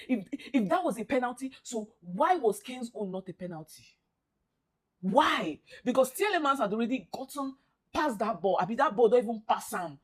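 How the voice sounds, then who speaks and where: A woman's voice: high-pitched, husky. Exasperated Nigerian woman ranting. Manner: exasperated, pleading, repeats herself. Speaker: football fan reacting. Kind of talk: emotional reaction rant.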